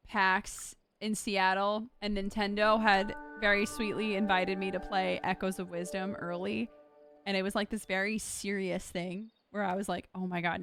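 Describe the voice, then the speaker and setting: A young woman streaming a video game live, chatting casually to her viewers with excitable, loud outbursts. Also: mid-range voice. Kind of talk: casual live-stream chat while gaming. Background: game music.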